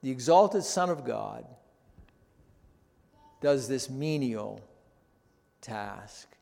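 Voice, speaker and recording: A male pastor preaching a sermon, deliberate and emphatic, often posing questions to his listeners. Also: mid-range voice, animated, gravelly, darkish tone. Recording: long reverb in a large hall.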